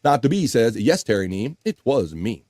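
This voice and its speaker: Animated man hosting a live stream. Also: medium pitch, normal speed, dry recording, studio quality. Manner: animated and jokey, laughs often. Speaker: livestream show host. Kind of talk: casual chat, reading viewer comments aloud.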